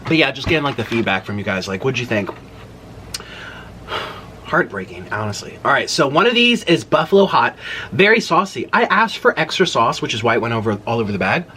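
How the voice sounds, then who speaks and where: A young man hosting a casual eating vlog, talking freely and letting out loud exclamations as he tries spicy food. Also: medium pitch, sing-song, fast, a little hiss or hum. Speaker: mukbang host.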